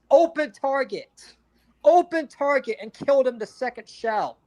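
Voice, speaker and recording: A man's voice: very high-pitched, a little mellow. A man co-hosting a podcast, ranting in heated, profane casual chat with frequent restarts. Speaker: podcast co-host.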